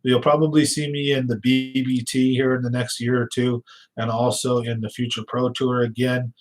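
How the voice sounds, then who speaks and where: A man's voice: medium pitch, level tone, moderate pace, low-quality recording. A man hosting a fishing channel, chatting casually and telling stories in a loose, rambling way with fillers, restarts and a slight lisp. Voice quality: slight lisp, sometimes gets stuck on words.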